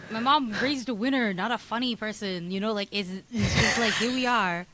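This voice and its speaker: A woman's voice: fairly high pitch, moderate pace, pushed and bright, slight background noise, rough recording. Blunt young woman with a Toronto accent. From Toronto, Canada. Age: young adult. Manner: blunt, rambling storyteller. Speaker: podcast guest. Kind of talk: casual podcast chat.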